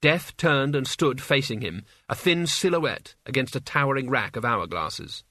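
A man reading an audiobook as its narrator, in an even, measured storytelling manner. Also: medium pitch, dry recording, clean studio sound.

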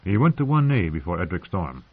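A man narrating a fantasy audiobook in a steady storytelling voice. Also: low-pitched, brisk, slightly rough. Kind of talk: scripted narration. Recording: tinny phone-like sound.

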